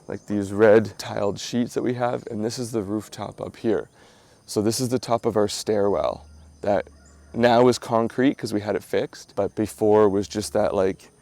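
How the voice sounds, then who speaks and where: A man's voice: lowish voice, dark tone, no echo. A man hosting a casual vlog, telling a story in a chatty, rambling way with lots of fillers and restarts, outdoors at his hillside home. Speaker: vlog host.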